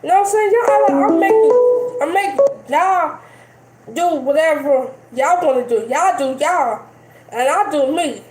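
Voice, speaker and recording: High-pitched woman streamer, defiant, keeps repeating herself, echoey room, faint music. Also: measured pace. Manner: defiant, repetitive, dismissive. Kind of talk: live-stream rant.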